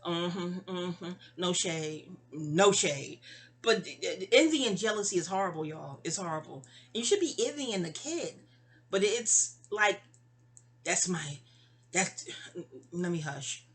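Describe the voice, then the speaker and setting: A woman's voice: fairly low pitch, expressive, unhurried, husky. A middle-aged woman with a New York accent, telling a personal story in a rambling, digressive way full of fillers and restarts. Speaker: vlogger telling a memoir story. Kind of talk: casual rambling storytelling monologue.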